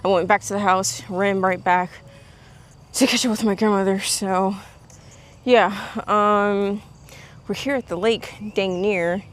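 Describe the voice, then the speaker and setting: Out walking by a lake, a woman vlogs casually on the phone she holds, a little breathless, laughing a lot and gushing over the animals she sees. Her voice is medium in pitch, steady in tone, and a bit slow.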